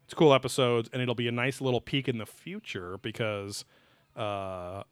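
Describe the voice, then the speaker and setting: Man, podcast co-host, rambling casual chat, mid-pitched voice, dry close sound. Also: fairly even intonation, normal speed, no echo. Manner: rambling, loose, swears casually. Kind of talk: casual chat over beers.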